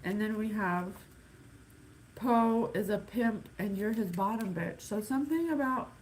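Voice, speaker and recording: A woman giving a casual psychic reading, thinking aloud with sighs and halting pauses. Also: medium pitch, slight background noise, low-quality recording. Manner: musing, sighing, thinking aloud; slow, halting, counts things off one by one. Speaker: psychic reader. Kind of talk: casual spirit reading to camera.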